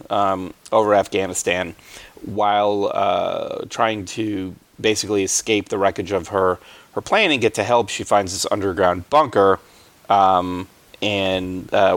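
A man's voice: deep voice, creaky, fairly bright tone. A man hosting a movie podcast in casual chat, rambling with plenty of fillers and frequent chuckles. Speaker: podcast host.

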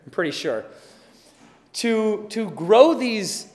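A pastor giving a sermon in a relaxed, conversational way, acting out little everyday scenes as he goes. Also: sits high, slow. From Wisconsin, USA. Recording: long hall reverb.

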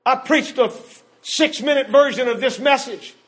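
An older man, a preacher, delivering a fervent sermon, often shouting and repeating his lines in rhythm. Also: extremely high pitch, normal speed.

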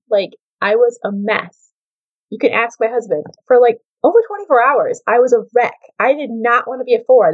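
Chatty animated woman podcaster, lo-fi. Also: fairly high pitch. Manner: animated, chatty, lots of "like" and quoted self-talk. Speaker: podcast host. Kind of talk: casual solo podcast storytelling.

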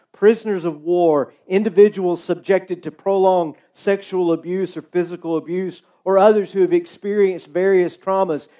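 A man preaching a sermon, slow and emphatic with dramatic pauses. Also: high-pitched, darkish tone.

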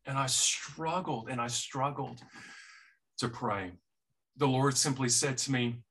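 Brief: male pastor, unhurried heartfelt sermon, mid-range voice, halting restarts. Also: medium pitch, a bit bright, breathy edge. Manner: slow, earnest and personal, with repeated starts.

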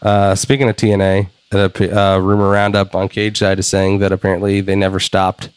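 A man co-hosting a podcast in casual chat, animated and swearing as he thinks out loud. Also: low voice, fairly quick, clear, resonant tone, dry recording. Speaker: podcast co-host.

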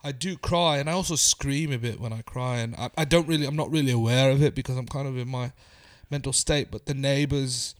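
A young man with a Northern English accent, talking in a deadpan, rambling, earnest way as a comedic interview guest. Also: medium pitch, a little fast, hardly any pauses. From England. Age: young adult.

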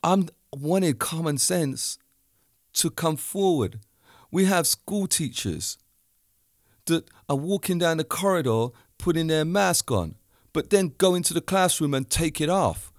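A man's voice: on the high side, measured pace, dry recording. Uk guy ranting about his day, acts out the back and forth, dry close sound. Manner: animated storytelling, acts out both sides of dialogue. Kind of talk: ranting monologue.

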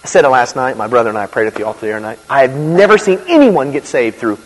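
A man preaching a sermon in a conversational, animated way, with asides and quick laughs. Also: medium pitch. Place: church. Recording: reverberant hall.

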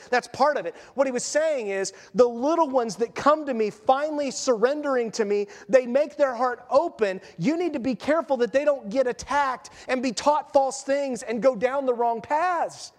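High-voiced pastor in reverberant church. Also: male voice, normal speed, hardly any pauses. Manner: animated, conversational preaching with rhetorical questions; acts out story voices. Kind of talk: sermon. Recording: long reverb in a church hall.

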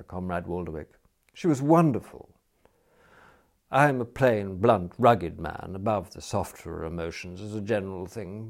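Genial, grandiloquent gentleman, mock-solemn, with a lively rise and fall, as a male narrator plays him in a storybook reading. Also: fairly low pitch. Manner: cordial, ornate, mock-solemn.

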